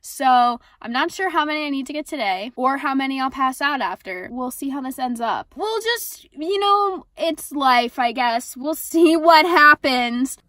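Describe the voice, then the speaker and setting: A young woman in her car telling a sarcastic, expressive storytime vlog, swearing freely. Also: sits high, normal speed, few pauses, dry recording. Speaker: vlogger.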